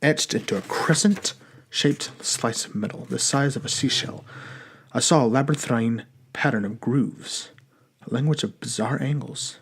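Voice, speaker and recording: A man narrating an audiobook in a measured, even storytelling manner. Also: mid-range voice, husky.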